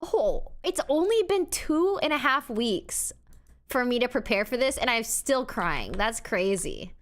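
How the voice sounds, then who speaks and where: Tearful young woman streamer, lively pitch. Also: measured pace. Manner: tearful, laughing between thank-yous to chat. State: crying. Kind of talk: casual live-stream chat.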